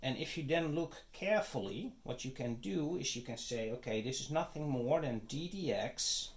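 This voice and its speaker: A man's voice: mid-range voice, expressive, moderate pace. A man giving a math lecture, working through the steps one at a time and often checking in with "okay?" and "right?". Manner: methodical, step-by-step, frequent "okay?" checks. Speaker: teacher.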